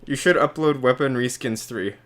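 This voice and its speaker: A man's voice: medium pitch, normal speed, a bit bright. A young man co-hosting a podcast, teasing the others and giggling. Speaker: podcast co-host. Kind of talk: casual chat.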